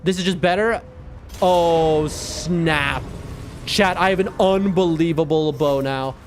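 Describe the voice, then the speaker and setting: A man's voice: on the high side, takes it slowly, slight background noise. Chatty man streaming a game. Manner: rambling, chatty storytelling with frequent laughs and restarts. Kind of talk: casual live-stream gameplay commentary.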